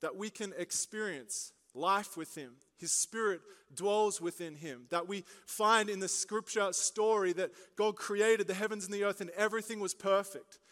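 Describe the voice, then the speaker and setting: Bright-voiced young pastor in a big hall. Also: male voice, sits high, normal speed, hardly any pauses. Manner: animated storytelling with jokes and asides. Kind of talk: sermon. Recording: long reverb of a large hall.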